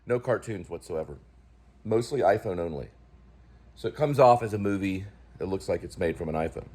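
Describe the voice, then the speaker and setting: Man, lowish voice, lively rise and fall, rambling, casual production talk. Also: brisk, noisy background. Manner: rambling, thinking aloud, with trailing restarts. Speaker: filmmaker and show host.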